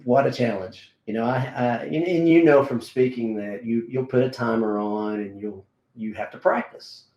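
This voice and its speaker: A middle-aged man, a martial arts instructor, tells a personal story in a relaxed, halting way, with many fillers and restarts. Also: mid-range voice, dull audio. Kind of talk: casual conversational storytelling. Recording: roomy echo.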